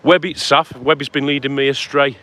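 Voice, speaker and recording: A man speaks briskly in a medium-pitched voice that's flat in delivery but bright and forceful in tone. He live-streams a walk on town streets at sunset, chatting and greeting viewers by name over faint street noise.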